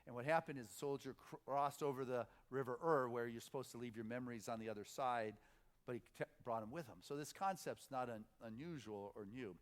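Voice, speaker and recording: A man's voice: medium pitch, a little fast. A middle-aged male minister giving an informal, conversational sermon at a spiritual center, stopping and restarting, then building momentum through repeated phrases.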